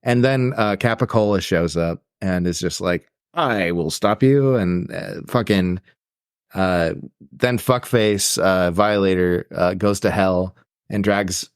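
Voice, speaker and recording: A low-pitched man rambles through a movie recap, tossing in quick acted-out quotes of the characters. His voice is close and dry, with no room sound. He talks in a loose, casual way. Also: fairly even intonation, clear, resonant tone, dry recording. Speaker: podcast co-host.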